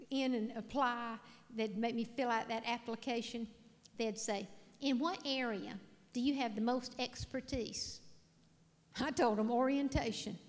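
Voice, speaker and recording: A woman's voice: fairly high pitch, big-room sound. A middle-aged woman giving a humorous keynote speech, telling folksy, self-mocking stories and putting questions to the audience. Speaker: motivational speaker. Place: large hall with a live audience.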